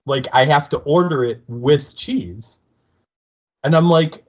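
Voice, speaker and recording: A man co-hosting a podcast in casual chat, wandering off onto side stories and quickly agreeing with his partner. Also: on the high side. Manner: chatty, digressive, quick to agree. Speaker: podcast co-host.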